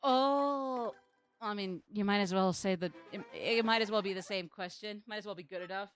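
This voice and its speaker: A woman's voice: medium pitch, normal speed, faint music behind. Chatty woman streaming a game. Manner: chatty, self-deprecating, laughs often. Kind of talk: casual gaming stream chat.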